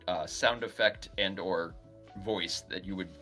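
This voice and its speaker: A man's voice: sits low, unhurried, bright, forceful tone, faint music behind. A man co-hosting a podcast, casual comedic chat, sardonic and profane. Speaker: podcast co-host.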